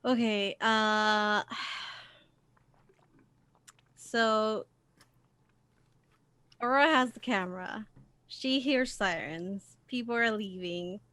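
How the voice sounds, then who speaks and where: A woman's voice: mid-range voice, drawn-out words, pauses often, fairly bright tone, no echo. A woman playing a tabletop game, describing her character's moves in a casual, chatty way. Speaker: player.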